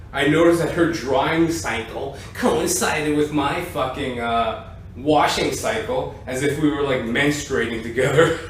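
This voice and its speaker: Slow, rambling, profane male comedian. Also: a little high. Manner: profane, rambling, keeps saying "ladies and gentlemen". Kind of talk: rambling stand-up rant. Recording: echoey room, distant mic, faint noise.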